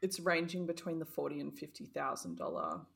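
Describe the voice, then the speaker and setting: A woman's voice: low-pitched, very animated, fairly quick, creaky, fairly bright tone. A young woman co-hosting a book podcast, talking bluntly and swearing casually. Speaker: podcast co-host. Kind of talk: casual chat.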